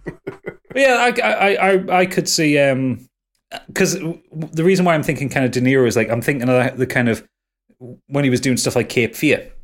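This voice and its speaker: A podcast host with a medium-pitched, fairly quick voice chats casually about films. He rambles along, full of fillers and restarts.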